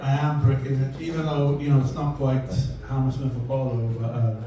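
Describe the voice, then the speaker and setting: A young Irish man with an accent that drifts toward American, doing a rambling, self-deprecating stand-up set in a flat voice. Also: medium pitch, fairly quick. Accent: mixed Irish and American. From Ireland. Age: young adult. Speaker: stand-up comedian. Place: comedy venue. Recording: echoey room, mic from a distance, audience. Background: audience laughter.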